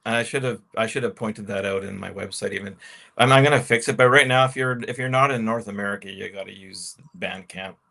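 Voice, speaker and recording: A musician on a casual livestream, making dry quips and explaining things earnestly. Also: male voice, on the low side, fairly quick, creaky, bright, forceful tone. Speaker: musician guest. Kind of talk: casual chat.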